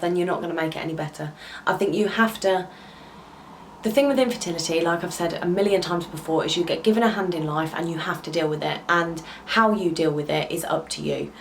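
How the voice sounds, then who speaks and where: Young woman confiding, heartfelt and low. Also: slight background noise, poor audio. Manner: heartfelt and confiding, with hesitant ums. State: close to tears at times. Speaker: vlogger. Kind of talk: candid personal talk to camera.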